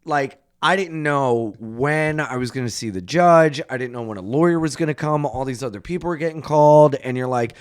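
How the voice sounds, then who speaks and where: A man's voice: moderate pace, hardly any pauses, clear, resonant tone, no echo. Man telling stories on a podcast, dry sound. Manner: animated storyteller who acts out quotes in shrill voices. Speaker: comedian guest. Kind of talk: casual podcast storytelling.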